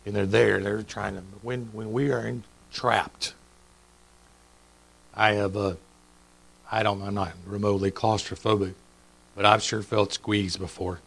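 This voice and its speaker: A man's voice: on the low side, fairly even intonation, unhurried, gravelly, pauses often, fairly bright tone, low-quality recording. A middle-aged man preaching a sermon in a church, chatty and joking, quizzing the congregation. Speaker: pastor. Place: church sanctuary.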